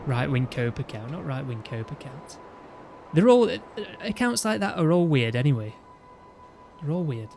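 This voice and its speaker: A man's voice: on the high side, very animated, normal speed, vocal fry, darkish tone, slight background noise. A man, chatting casually and ranting in a rambling way, often restarting his sentences. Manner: rambling, with frequent restarts and "you know what I mean". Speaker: gaming video host.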